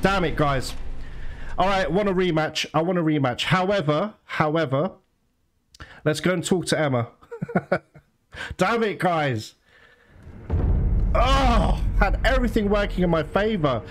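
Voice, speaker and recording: A high-voiced man narrating his own gameplay, his pitch swinging up and down as he panics, swears and laughs. Game music plays clearly behind his voice. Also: lively intonation, normal speed, long pauses. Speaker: gaming channel host. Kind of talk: let's play commentary.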